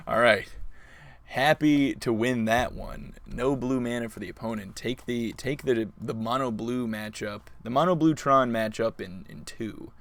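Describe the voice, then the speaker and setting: A man's voice: mid-range voice, moderate pace, gravelly, a bit bright. A man commentating his own card game on a live stream, playful and chatty with his opponent and viewers. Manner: playful, talks to opponent and chat.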